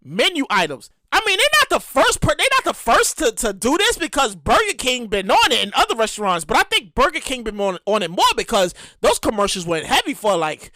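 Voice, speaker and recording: Woman podcast host, high lively voice, bright tone, dry close sound, casual profane chatter. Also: no room sound. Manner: animated, profane, repeats herself and acts out quotes. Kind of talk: casual solo podcast commentary.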